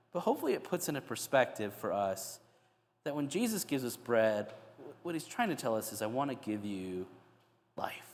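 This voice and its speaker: A pastor delivers a sermon in a slightly higher-than-usual man's voice, and the sound carries a long reverb from the church sanctuary. He speaks conversationally and voices back-and-forth dialogue with Jesus. The effect is casual preaching rather than a formal address. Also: sing-song, brisk.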